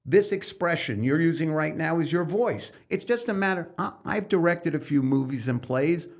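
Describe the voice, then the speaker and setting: A middle-aged man from New York City, a stand-up comedian and coach, talking loosely as a podcast guest and breaking into loud comic bits mid-thought. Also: fairly high pitch, lively intonation, normal speed, vocal fry. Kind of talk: loose conversational interview talk.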